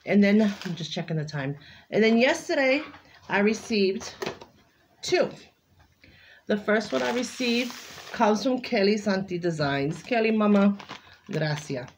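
A woman's voice: mid-range voice, animated, measured pace, pauses often, a little hiss or hum. A woman crafting vlogger in casual unboxing chat, gushing and exclaiming over each item she opens.

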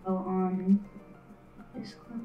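A woman chatting excitedly with a fellow streamer, gushing about her viewers. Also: mid-range voice, drawn-out words, echoey room, far from the mic, highs cut off, faint music behind. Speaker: guest streamer. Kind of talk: casual live stream chat.

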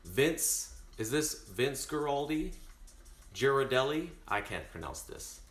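This cooking stream host chats with his viewers as he cooks live in his own kitchen, addressing them directly. His medium-pitched voice swings widely in pitch and moves a little slowly. Faint music plays behind the roomy sound.

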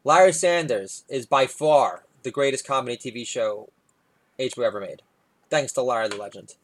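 A man tells stand-up stories about family life. His delivery is wry, with quick asides. When he quotes his small daughter, his pitch jumps up. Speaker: stand-up comedian. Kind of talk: stand-up storytelling.

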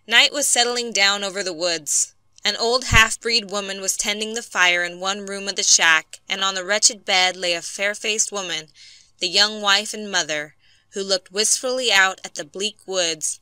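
A woman narrating an audiobook story for English learners in a clear, measured way on a close mic. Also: mid-range voice, sharp tone, no room sound.

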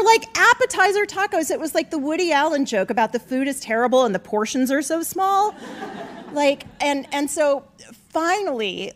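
A middle-aged woman telling a comic personal story to an audience, profane and animated, rising to near-shouts at the punchlines. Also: high voice, a little hiss or hum. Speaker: author telling a story at a live event.

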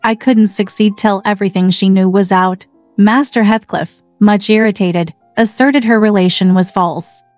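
Brief: female audiobook narrator, measured literary reading, close dry sound, light music bed. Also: medium pitch, fairly even intonation, a little mellow, dry recording. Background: faint background music.

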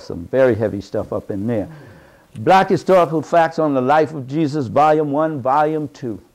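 A man giving an impassioned lecture to a live audience, speaking in a folksy, colloquial way and rising to shouted emphasis like a preacher. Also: medium pitch. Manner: folksy, colloquial, with double negatives.

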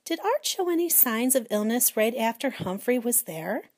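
A woman reading aloud and voicing a gentle, patient schoolteacher in a children's storybook. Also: fairly high pitch, big pitch swings, normal speed, dry recording, clean studio sound. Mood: calm.

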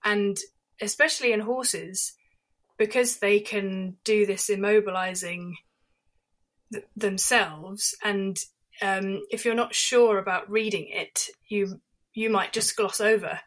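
A woman's voice: mid-range voice, fairly even intonation, slow pace, a bit bright. A woman veterinary surgeon as an interview guest, explaining carefully and thoughtfully, with hesitations. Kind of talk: interview conversation.

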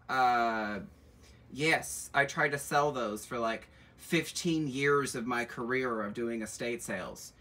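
A middle-aged man with a mid-range voice, speaking at normal speed, hosts a live luxury bag sale from an indoor shop room. He's campy, animated and sassy, full of asides as he teases viewers and reads their comments in a chatty live-stream selling style. His voice is picked up from a distance.

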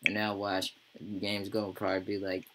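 A man's voice: deep voice, monotone, fairly quick, background noise. A man giving casual gameplay commentary as a YouTuber, rambling and full of profane slang. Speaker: gaming YouTuber.

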